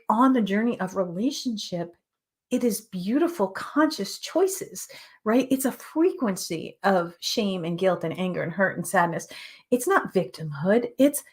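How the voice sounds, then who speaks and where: Woman, spiritual talk host, earnest, emphatic, repeats phrases, mid-pitched voice. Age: adult with children.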